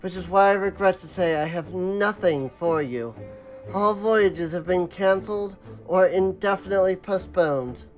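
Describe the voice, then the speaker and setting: A man's voice: sits high, unhurried, soft background music, low-quality recording. A man reading aloud the lines of a weary male merchant leader in a game, speaking in a tired, defensive way. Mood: regretful.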